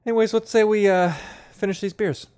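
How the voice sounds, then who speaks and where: A man's voice: high voice, fairly even intonation, brisk, a little mellow, clean tone. A man co-hosting a casual podcast about beer and music, joking and laughing often. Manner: jokey, laughs often, puts on silly voices. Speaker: podcast co-host. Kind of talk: casual chat.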